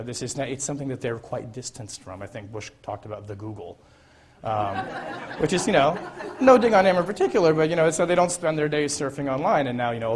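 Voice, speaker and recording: Brief: adult man, mid-pitched, lecturer relating an anecdote, loose and chatty with restarts. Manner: conversational, frequent fillers and restarts. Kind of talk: public lecture storytelling.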